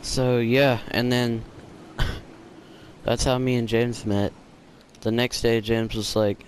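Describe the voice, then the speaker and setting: A man's voice: fairly low pitch, little pitch movement, slow pace, a little hiss or hum. A man hosting a channel, telling a casual storytime with rambling, filler-heavy talk. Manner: rambling, with many fillers and restarts. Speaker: gaming channel host.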